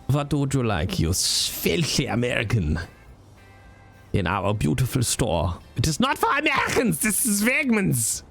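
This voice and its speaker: A man's voice: mid-range voice, wildly swooping pitch, unhurried, creaky, a bit bright, faint music behind, heavily acted. A man voicing a haughty German male grocery shopkeeper in a mock German accent, snobbish and mock-formal. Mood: snooty.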